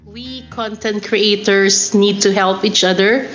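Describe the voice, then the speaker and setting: A woman's voice: mid-range voice, fairly even intonation, slow pace, soft background music, poor audio. A woman who teaches and creates content, a friendly, enthusiastic podcast guest on online voice chat. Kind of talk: casual chat.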